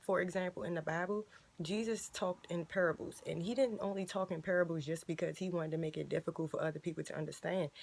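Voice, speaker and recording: A young woman in her twenties gives a casual, conversational sermon straight to the camera. She talks emphatically and repeats her points for stress. Her voice sits a little low. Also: a little mellow. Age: 20s. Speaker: ministry video host.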